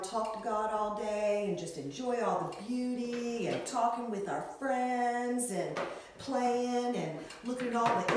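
A woman's voice: fairly high pitch, slight background noise. Middle-aged lady doing a kids' sunday school lesson, bouncy singsong voice, really echoey room, mic far off. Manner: animated and sing-song, talking to young children. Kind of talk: children's Bible lesson.

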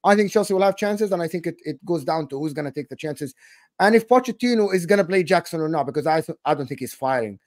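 A man giving calm, methodical football match analysis as a fan pundit, repeating his key point. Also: fairly high pitch, fast talker, dry recording, studio quality.

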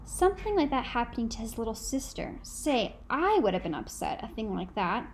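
A woman reading aloud gives voice to a folksy courtroom lawyer, a man who questions a witness gently and patiently, leading him along with coaxing words. The voice sits fairly high, with faint background noise. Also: very animated, moderate pace. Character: folksy small-town male trial lawyer. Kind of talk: audiobook dialogue.

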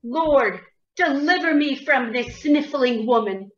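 A woman's voice: high voice, lively intonation, takes it slowly. A woman playing a grumpy former poor man who complains sarcastically, recorded lo-fi with echo. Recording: lo-fi, echoey.

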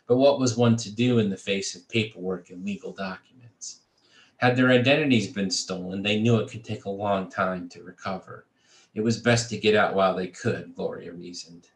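Reading aloud from fiction he wrote himself, a low-voiced man from a creative writing faculty keeps a measured, even pace, sometimes starting a phrase over. The room is echoey, lending his voice a clear reverberation.

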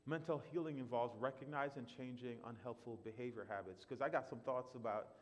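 A man preaching a sermon in a church, animated, surging loud for emphasis and then dropping quiet and slow. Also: mid-range voice. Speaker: pastor. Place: church sanctuary. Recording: long reverb of a church hall.

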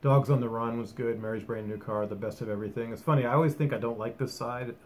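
A man's voice: medium pitch, steady tone, quick pace. A man giving a casual, rambling album review at home, enthusiastic and full of ums and restarts. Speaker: music vlogger.

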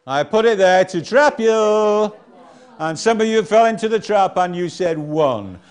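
A man's voice: sits high, expressive, a little slow, clean tone. A man teaching a phonics lesson, sounding out nonsense syllables one by one and calling on the class to answer. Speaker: reading teacher.

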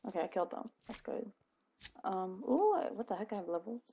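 A woman's voice: mid-range voice, very animated, fairly quick, dark tone, husky, highs cut off. A young woman chattering to herself while playing a video game, giggling and exclaiming as things happen. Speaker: gaming video creator. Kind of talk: casual gameplay commentary.

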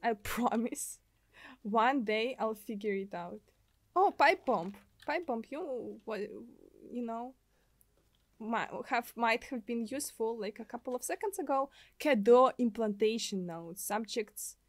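High-voiced Russian woman streaming games. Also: a little slow, no echo. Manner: excitable, giggly, chatty with viewers. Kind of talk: casual gameplay livestream.

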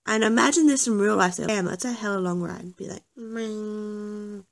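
A woman's voice: mid-range voice, fast talker, creaky. A young woman chatting casually over gameplay, often apologizing and joking about herself. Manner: self-deprecating, apologetic, chatty. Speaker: gaming YouTuber.

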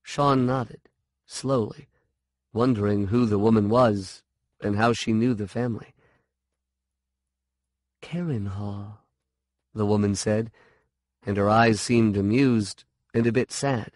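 Male storybook narrator, slow and deliberate, dry close sound. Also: lowish voice, fairly even intonation, darkish tone, dry recording. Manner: slow, measured reading.

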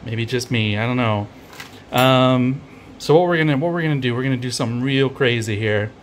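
Brief: male homebrew vlogger, casual rambling chat, mid pitch, faint fan hum behind. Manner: rambling, playful, thinks aloud with many fillers. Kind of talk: casual brew-day vlog. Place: home brewery in Denmark during a heat wave.

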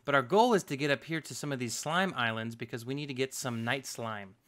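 Excitable bright-voiced gaming host man. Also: medium pitch, brisk. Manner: excitable, yelps and trash-talks game enemies. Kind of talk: casual let's-play commentary.

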